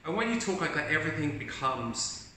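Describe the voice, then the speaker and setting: A man's voice: a little high, big pitch swings, brisk, bright, forceful tone, slight background noise. A man giving a chatty, encouraging self-help talk to camera as host, recorded in an echoey room from a distant mic. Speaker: video host.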